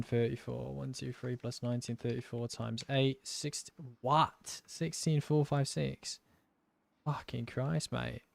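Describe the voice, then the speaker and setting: Gravelly, unhurried young man streamer. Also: mid-range voice, a little mellow, no room sound. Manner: thinks aloud, swears casually, mutters through sums. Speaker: gaming streamer. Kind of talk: casual game commentary while testing.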